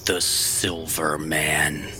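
A man playing a character in a tabletop game, speaking tersely and deliberately in a stoic way. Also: extremely low pitch, little pitch movement, sharp tone, slight background noise. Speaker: player.

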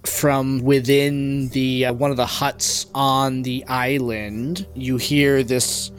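A man's voice: medium pitch, fairly even intonation, takes it slowly, soft background music. A man acting as game master, describing scenes in a tabletop game with frequent restarts.

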